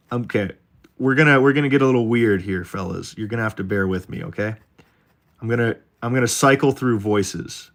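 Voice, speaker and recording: Still drawing live, the same streamer jokes around and talks straight to his chat in a rambling, casual way. His voice is lowish with a fairly bright tone.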